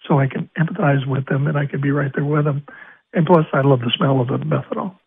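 A man's voice: medium pitch, fast, vocal fry, husky. An older man from Arizona, a racetrack announcer, telling stories in an interview and acting out the dialogue. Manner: animated storyteller acting out quoted dialogue. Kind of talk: storytelling interview. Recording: phone-like radio line.

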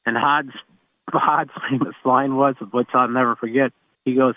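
A man's voice: medium pitch, normal speed, dry recording. A man who works as a race car mechanic, telling rambling stories and chuckling as he goes. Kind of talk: anecdotal storytelling. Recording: phone-line interview.

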